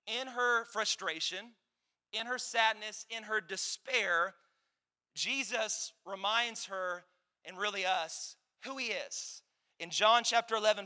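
A man preaching a sermon as pastor, conversational and animated, breaking into loud bursts of emphasis. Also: high voice.

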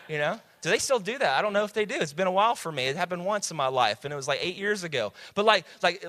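Bright-voiced, high-pitched male preacher. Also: in a large hall. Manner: animated storyteller, quick restarts, builds to emphatic shouts. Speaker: pastor. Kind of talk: sermon.

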